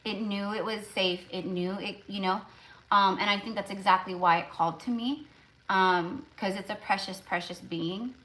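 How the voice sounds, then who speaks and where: A woman's voice: mid-range voice, fairly even intonation, moderate pace, a bit bright. A woman tarot reader talking casually on a live stream, rambling and emotional, with lots of fillers.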